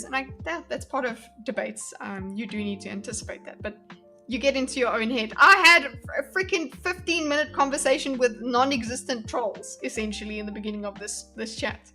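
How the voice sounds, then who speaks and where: A woman's voice: fairly high pitch, brisk, bright, forceful tone, faint music behind. A woman streamer giving casual commentary on a debate clip, thinking aloud with many fillers and restarts and replying to her live chat. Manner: reads and answers live chat.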